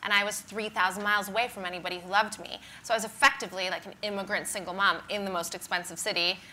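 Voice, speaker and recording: A woman in her thirties from Canada with a Canadian accent softened by years in Britain, a stand-up comedian chatting wryly and self-deprecatingly in an onstage interview. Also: medium pitch, steady tone. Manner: chatty, wry, self-deprecating, quick asides. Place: conference stage before an audience.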